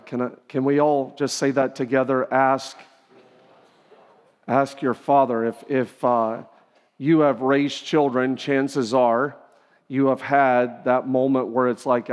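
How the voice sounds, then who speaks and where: A man's voice: mid-range voice, steady tone, moderate pace. A middle-aged man preaching a sermon as pastor, in an earnest, conversational way with frequent restarts. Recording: long reverb of a large hall.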